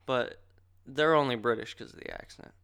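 Male podcast co-host, clear smooth tone, wisecracking and combative. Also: medium pitch, normal speed, a bit bright. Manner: joking, profane, argumentative. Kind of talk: casual podcast chat.

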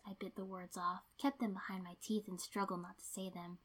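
A woman reading a first-person story aloud in an even, steady narration. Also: mid-range voice, a little fast, slightly rough. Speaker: reader.

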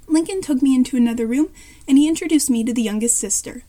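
A woman reads a fan story aloud in a high voice with a dark, mellow tone. Her narration is plain, and she now and then corrects a word partway through. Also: fast talker.

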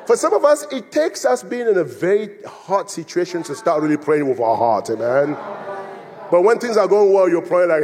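High-voiced male preacher in a reverberant hall. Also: moderate pace. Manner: animated storytelling, acting out quoted voices with laughter. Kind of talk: sermon. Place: church in Phoenix.

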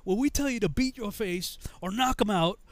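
A man telling a story who puts on a harsh, bossy male army drill sergeant, shouting orders in a high, loud voice. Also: normal speed, no echo, lightly acted. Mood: barking.

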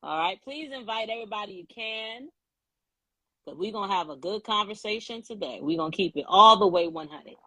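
Husky, outspoken woman hosting a live podcast. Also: mid-range voice, lively intonation, a little fast, pushed and bright, no room sound, low-quality recording. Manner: outspoken, chatty, laughs often. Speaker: podcast host.

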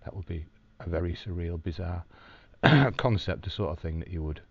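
A man recording a personal video diary from his hospital room, telling a story calmly with dry, wry humour. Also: sits low, normal speed, slightly rough, no echo, highs cut off. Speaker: video diarist in hospital recovery.

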